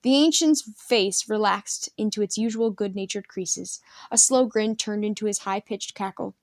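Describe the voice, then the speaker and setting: A woman reads a novel aloud in a measured, even storytelling manner. Her voice sits at a middle pitch. The recording is dry, with no room sound. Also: no room sound. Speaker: read-aloud narrator. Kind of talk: storybook read-aloud narration.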